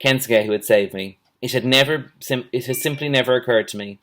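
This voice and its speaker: Male teacher, storybook reading, steady measured delivery, medium pitch.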